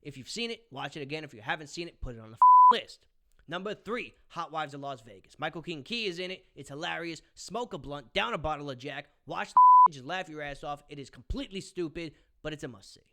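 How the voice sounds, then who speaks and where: A man's voice: a little high, huge pitch swings, quick pace, bright, forceful tone. A young man ranting profanely about a movie review in a combative vlog, swinging between mutters and outbursts. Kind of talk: ranting commentary.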